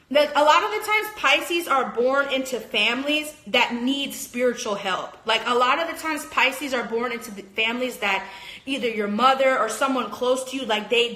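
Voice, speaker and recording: High, bright-voiced woman ranting passionately. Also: echoey room. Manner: passionate, emphatic, swears, heavy use of "like". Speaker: astrologer. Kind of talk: livestream rant. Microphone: phone.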